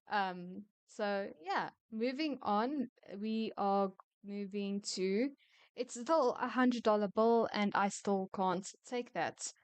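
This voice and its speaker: Woman storyteller, smooth clear tone, dry close sound, chatty and quick to vent. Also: medium pitch, no echo. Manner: opinionated, chatty, quick to rant. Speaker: storyteller reading retail stories. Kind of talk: casual story reading with commentary.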